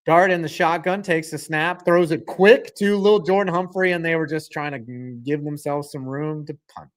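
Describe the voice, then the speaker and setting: A young man streaming a live football game, calling plays, reading chat and cracking crude jokes. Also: a little high. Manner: jokey, profane, swings from flat mutters to excited outbursts. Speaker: streamer and sports commentator.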